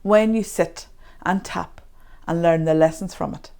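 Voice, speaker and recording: A woman leading a guided tapping session, speaking slow, repetitive affirmations. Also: fairly low pitch, gravelly, darkish tone, smooth.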